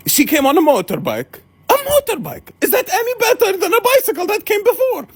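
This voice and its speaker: A young woman vlogger telling a story in an animated, dramatic way, often laughing. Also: sits high, normal speed. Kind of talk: storytime chat.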